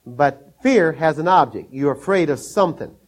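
Folksy older male preacher, slightly high voice. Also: lively intonation, moderate pace. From Minnesota, USA. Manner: storytelling, chuckles often, acts out scenes in a raised voice. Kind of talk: sermon with folksy stories.

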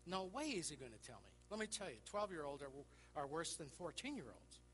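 Animated male preacher, slightly high and bright. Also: a little fast, big-room sound, a little hiss or hum, low-quality recording. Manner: animated storyteller, acts out dialogue, laughs often, drops to a hushed voice. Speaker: Christian speaker and counselor. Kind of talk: preaching through a personal story.

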